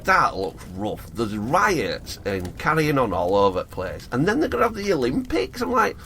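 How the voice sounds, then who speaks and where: A man's voice: medium pitch, wildly swooping pitch, bright, forceful tone. Guy reacting a lot, swears, voice bounces up and down, faint hiss. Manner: quick reactive interjections, sweary. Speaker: podcast co-host. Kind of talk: casual chat.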